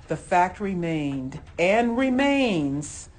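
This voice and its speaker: A woman's voice: fairly low pitch, animated, slow, darkish tone. A woman leading an informal Bible study, speaking fervently and often exclaiming.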